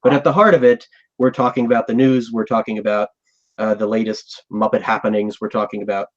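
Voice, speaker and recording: Male host, mid-pitch, thoughtful rambling chat, slightly muffled recording. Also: fairly even intonation, a little fast. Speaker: podcast host. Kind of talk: casual live chat.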